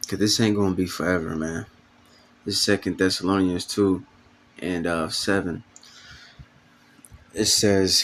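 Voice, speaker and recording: A man's voice: low-pitched, fairly even intonation, unhurried, pauses often, a bit bright, a little hiss or hum. A man giving an informal video sermon, casual and profane, full of fillers, reading scripture aloud between comments. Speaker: preacher.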